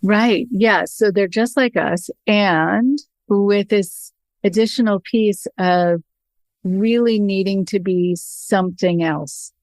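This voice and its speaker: A woman's voice: medium pitch, slow pace, darkish tone, no echo. A woman, a podcast host and therapist, speaks frankly and conversationally with a touch of humor.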